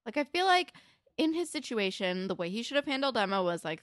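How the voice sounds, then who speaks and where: A young woman chatting casually as a podcast co-host, recapping a TV episode, animated and peppering her talk with "like" and swearing. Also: a little high, brisk, no room sound, clean studio sound. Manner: animated, swears a lot, many likes.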